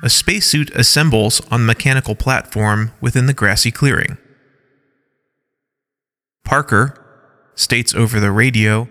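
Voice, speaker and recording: A man narrating a scripted audio story in a measured way, reading scene headings and stage directions aloud. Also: mid-range voice, sharp tone, big-room sound.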